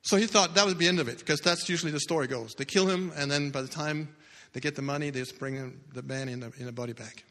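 A man preaching a sermon, telling a story with dramatic swings between loud bursts and hushed low lines. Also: fast, few pauses. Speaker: pastor. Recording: long hall reverb.

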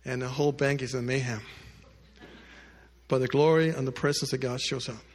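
A male pastor telling a story in a sermon, addressing the congregation directly and moving between loud emphatic lines and hushed quiet ones. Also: mid-range voice, fairly even intonation, moderate pace, in a large hall. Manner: speaks directly to the congregation with asides.

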